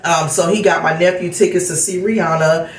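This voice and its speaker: A woman's voice: lowish voice, steady tone, brisk, echoey room, poor audio. A middle-aged woman vlogger chatting candidly and telling a personal story in a casual way. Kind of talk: casual chat vlog.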